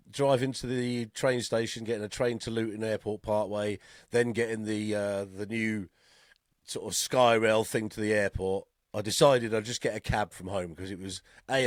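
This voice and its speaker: A man's voice: lowish voice, steady tone, moderate pace, dry recording, clean studio sound. An English man co-hosting a podcast, chatting casually, laughing often and swearing freely. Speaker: podcast co-host. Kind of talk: casual chat.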